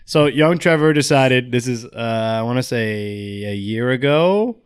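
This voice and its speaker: A young man casually telling a rambling, profane story in a relaxed podcast chat. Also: mid-range voice, a little slow, clean tone.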